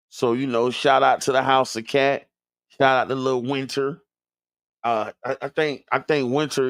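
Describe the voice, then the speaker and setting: A man from the Tampa Bay area hosts a community radio show, his smooth mid-range voice captured in a clean, dry studio. His talk is loose and joking, aimed straight at the listeners.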